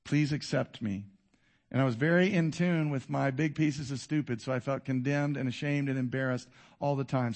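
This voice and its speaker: A man in his fifties preaching a sermon to a congregation, swinging between loud exhortation and quiet intensity. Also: a little high. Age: 50s. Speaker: pastor. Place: church before a congregation.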